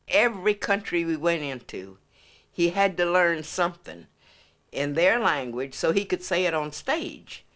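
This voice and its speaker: A woman's voice: lowish voice, lively intonation, measured pace, a bit bright. A woman recalling old stage days in an interview, chatty and fond. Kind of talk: reminiscing interview.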